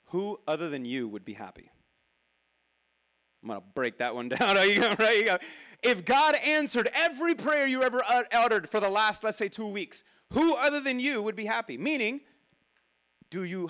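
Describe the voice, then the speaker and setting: High-pitched guy preaching, super casual and animated, drops real quiet sometimes. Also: fairly quick. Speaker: pastor. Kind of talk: sermon.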